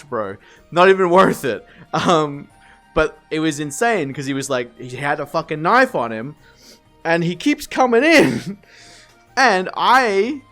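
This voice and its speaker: Speaking in a slightly high voice, this live streamer tells his chat lively, meandering work stories, laughing and cursing along the way.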